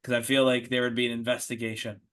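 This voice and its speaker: An American man in a mid-range voice hosts a podcast in a relaxed, casual way. He laughs often and backs up to restart his sentences as he thinks aloud. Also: mid-range voice, quick pace, over a noisy crowd. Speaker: podcast host. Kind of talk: casual chat.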